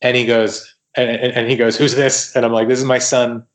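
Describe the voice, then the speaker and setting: A man guesting on a podcast tells stories in a casual, lively way. He acts out the quoted dialogue and often restarts a sentence mid-thought. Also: mid-range voice, fairly quick. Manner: animated retelling with quoted dialogue and frequent restarts. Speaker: guest writer. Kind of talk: casual storytelling in a podcast interview.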